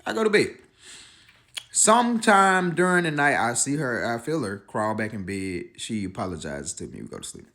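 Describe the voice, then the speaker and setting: A man's voice: medium pitch, very animated, normal speed, creaky, bright, forceful tone. A man casually telling a personal story, retelling the dialogue in a conversational way.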